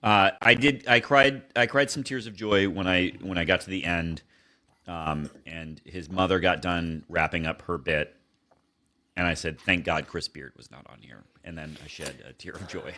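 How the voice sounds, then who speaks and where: Deep bright-voiced man on a podcast. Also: steady tone, moderate pace. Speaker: podcast co-host. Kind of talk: casual sports chat.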